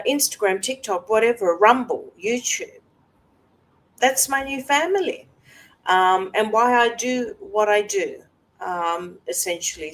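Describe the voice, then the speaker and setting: A woman host talking personally to camera, soft and halting with many fillers, at times close to tears. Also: medium pitch, rough recording. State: emotional, close to tears at moments. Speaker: wellness coach and video host.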